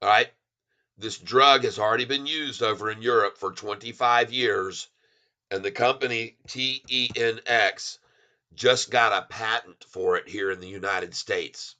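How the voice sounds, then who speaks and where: A man hosting a casual livestream about stocks. He talks in an excitable, rambling way, with loud exclamations and restarts. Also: on the low side, lo-fi sound. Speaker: stock market vlogger and songwriter.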